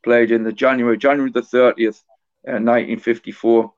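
A low-voiced middle-aged man keeps a flat, steady tone as he haltingly recalls anecdotes. He's an author appearing as a guest on a casual podcast, and the audio comes across as slightly dull and lo-fi.

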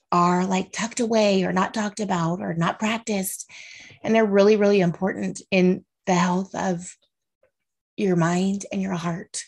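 A woman's voice: medium pitch, fairly even intonation, unhurried, gravelly, darkish tone, slightly rough. A woman in her thirties hosting a casual solo podcast, earnest and heartfelt, speaking openly about faith and feelings and often checking in with "right?" and "okay". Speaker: podcast host.

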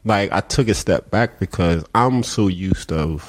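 A man's voice: sits low, a little slow. A man with a Philadelphia accent, founder of a community organization, telling stories in a casual interview and acting out the voices of people he quotes. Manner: animated storyteller, acts out quoted dialogue. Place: outdoors on a city street.

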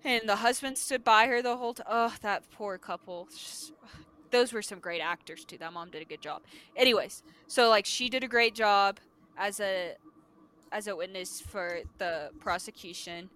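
A young adult woman hosting a podcast, recapping a TV episode in casual chat and acting out the characters with lively energy. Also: mid-range voice. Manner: animated, acts out characters' lines in quick bursts. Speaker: podcast host.

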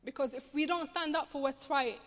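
A woman's voice: high voice, brisk, a bit bright. A woman in her twenties from Somalia with a Scottish accent, telling her own story earnestly with dry humor on a theatre stage. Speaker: refugee campaigner speaking at a charity show. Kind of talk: personal story told on stage. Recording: long theatre hall reverb.

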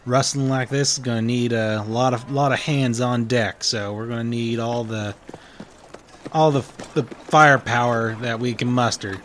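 A man voicing a weary, gruff small-town sheriff who grumbles in a dry, low-key way. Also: steady tone, normal speed, fairly bright tone, a little hiss or hum, lightly acted.

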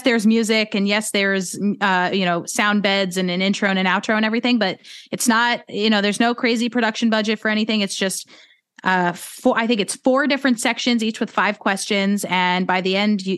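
A woman from the United States co-hosting a podcast in relaxed, upbeat chat. Her voice is smooth and clear, at a middle pitch. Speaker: podcast co-host. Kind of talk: casual chat.

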